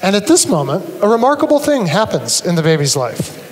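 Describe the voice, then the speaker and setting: A man with a notably high voice gives an animated, humorous talk from a stage, acting out his examples. His voice rings through a large auditorium with a long, lingering reverb. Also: brisk. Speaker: conference speaker. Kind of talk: live conference talk to an audience.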